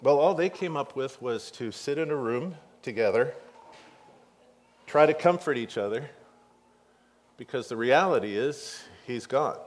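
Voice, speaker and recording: A man giving a sermon, reading scripture aloud and retelling the story with animated swings between hushed and loud delivery. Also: medium pitch, measured pace, long pauses. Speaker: pastor.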